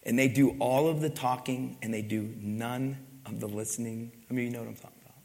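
A pastor preaches a sermon in a church, questioning the congregation and pressing his points with emphasis. His mid-range voice is fairly quick and darkish, with fairly even intonation and vocal fry, and the church hall gives a long reverb.

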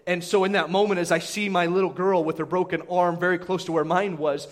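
High-voiced pastor telling a story. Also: male voice, a little fast. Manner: animated, conversational, frequent asides to the congregation. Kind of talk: sermon storytelling.

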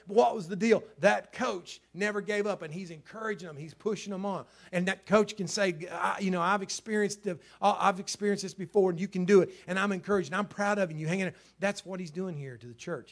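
Animated preaching man, higher voice. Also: vocal fry. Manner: energetic, animated preaching with sudden loud bursts and hushed asides. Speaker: pastor. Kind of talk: sermon.

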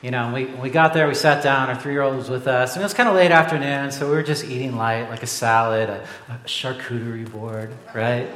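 Young pastor from Oregon, sermon delivery, animated and jokey, mid-pitched voice, echoey hall with long reverb, mic set back. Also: male voice. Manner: animated storytelling with a jokey aside. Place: church sanctuary.

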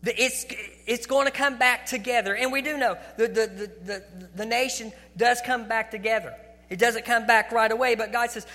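A man's voice: very high-pitched, fairly even intonation, moderate pace, bright, forceful tone. A man preaching a sermon in a conversational way, often restarting his sentences as he goes. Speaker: pastor. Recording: long hall reverb.

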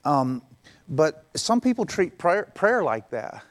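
A man's voice: fairly high pitch, big pitch swings, takes it slowly. Conversational man preaching a sermon. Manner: conversational, acts out little quoted voices. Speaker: pastor.

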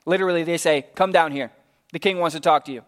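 A man with a high, light voice delivers a sermon. He tells the story in a lively, conversational way and slips into casual voices for the characters he quotes. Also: fast talker. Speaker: preacher.

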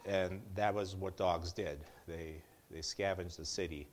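A man's voice: low voice, steady tone, unhurried, slight background noise. A middle-aged man giving a casual Bible teaching in a conversational way, with joking asides and frequent restarts.

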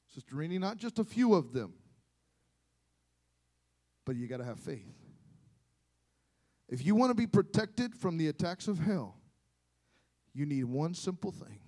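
With a voice that sits a little high, a man delivers a sermon to his congregation. He goes from quiet asides to impassioned shouts and prompts the listeners to answer back.

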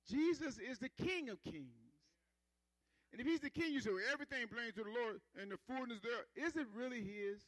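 A man's voice: extremely high pitch, expressive, normal speed, a bit bright, no room sound, low-quality recording. A man preaching a sermon in a conversational style, calling for responses from the congregation and building rhythmic emphasis.

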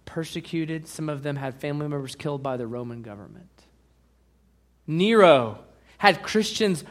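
A pastor delivers an emphatic sermon, reading scripture aloud and putting questions to the congregation. His male voice sits a little high.

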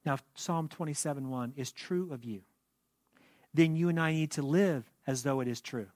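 A man preaches to his congregation, his voice sitting a little higher than most men's. The sound is dry and close, with no room echo. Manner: measured preaching with slow, hushed prayerful passages. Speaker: pastor. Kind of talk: sermon.

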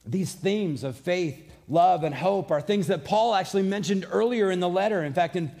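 A man's voice: sits high, moderate pace, dark tone. A man preaching a sermon, earnest and conversational, mixing scripture with personal stories. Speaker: pastor.

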